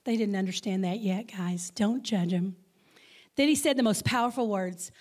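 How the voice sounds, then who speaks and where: A woman's voice: mid-range voice, normal speed, darkish tone. A middle-aged woman with a Texan accent, a guest speaker giving a conversational sermon that drops now and then into dramatic whispers. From Texas.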